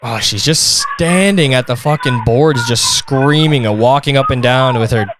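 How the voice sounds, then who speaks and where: A man's voice: mid-range voice, normal speed, noisy background. A man hosting a podcast, reacting to videos in a casual, profane and mocking rant. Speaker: podcast host.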